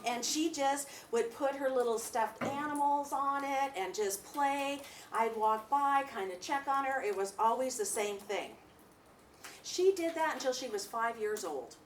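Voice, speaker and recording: Middle-aged woman lecturer, fairly high voice, chatty and animated, faint background noise. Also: measured pace. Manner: chatty and animated, laughing through stories. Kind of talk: classroom lecture. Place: lecture room.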